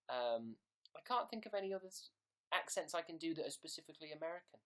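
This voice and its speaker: A man's voice: on the high side, animated, quick pace, fairly bright tone. A young man casually hosting a livestream, reading viewer messages aloud and thanking them by name. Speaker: livestream host.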